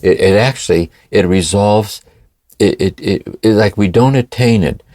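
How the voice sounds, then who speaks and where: A man's voice: lowish voice, unhurried, darkish tone, dry recording, studio quality. An older man, co-host of a spiritual podcast, talking in a meditative, reflective way and often asking "see?". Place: home by the ocean.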